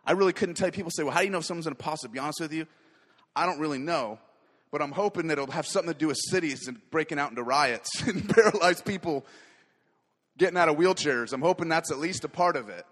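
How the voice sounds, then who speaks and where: A man preaching a sermon with fervent energy, swinging between quiet asides and loud declarations. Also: on the high side, fast, long reverb tail.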